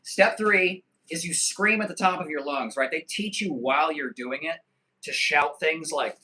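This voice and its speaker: Bright-voiced joking male streamer. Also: on the high side. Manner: loose, joking and profane, with quick asides. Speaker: livestream host. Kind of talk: casual live-stream chat, reading viewer comments.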